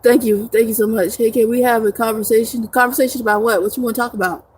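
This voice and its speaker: A woman's voice: a little high, steady tone, quick pace, a little mellow, husky. A young woman live streaming in casual chat, reading viewer comments with brash, profane joking and frequent laughter.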